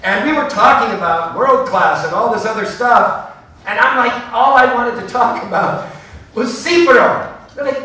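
A man's voice: animated, moderate pace, distant mic. Passionate man in an echoey hall. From Norway. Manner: passionate, emphatic, swings from low asides to loud outbursts. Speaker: speaker at a bar show. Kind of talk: stage talk to bartenders. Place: large hall at a trade show. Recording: echoey hall, speaker away from mic.

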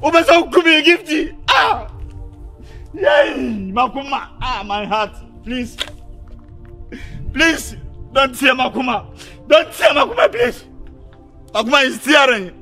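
Guy acting heartbroken ghanaian lover, wailing and begging, real high bright voice. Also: sing-song, slow, creaky, pauses often, soft background music, exaggerated voice. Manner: wailing, pleading, crying out dramatically. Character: heartbroken young man lamenting his lost lover. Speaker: actor in a comedy film.

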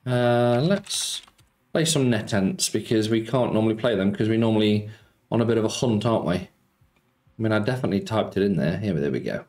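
A man's voice: lowish voice, brisk, darkish tone. A man streaming casino slots, chatting casually and greeting viewers by name as he banters about football. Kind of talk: casual live-stream chat.

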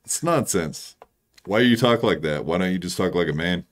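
A man's voice: low voice, expressive, normal speed. A man calling into a stream, angrily confronting another caller. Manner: confrontational, accusing. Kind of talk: heated call-in argument.

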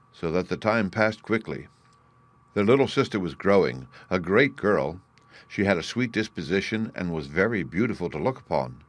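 A man reading a fairy tale aloud in a slow, measured way for English learners. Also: low voice, no room sound. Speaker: storyteller.

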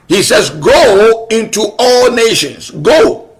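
A man's voice: high voice, animated, unhurried, a bit bright. A man preaching a sermon as pastor, emphatic and repetitive, asking rhetorical questions and pressing his point.

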